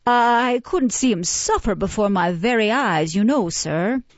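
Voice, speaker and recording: A woman's voice: mid-range voice, lively intonation, unhurried, no room sound. A woman reading a storybook voices a sly, falsely humble woman who runs an orphan farm, with wheedling, coaxing speech. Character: fawning, sly middle-aged woman running an orphan farm. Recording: dull, muffled, dry recording.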